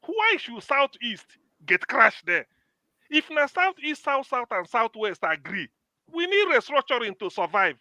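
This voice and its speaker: A Nigerian man arguing in a heated political debate, loud and emphatic, slipping into pidgin. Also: very high voice, big pitch swings, unhurried, no room sound. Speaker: panel guest.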